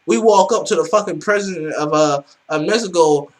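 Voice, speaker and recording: A man hosting a reaction video, excitable and profane, rambling with lots of fillers. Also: a little high, fairly quick. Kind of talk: casual reaction commentary.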